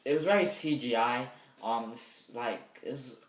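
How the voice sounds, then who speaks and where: A young man reviewing a movie in a rambling, hesitant way, with sudden loud bursts of excitement. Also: mid-range voice, a little slow. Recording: echoey room, mic set back.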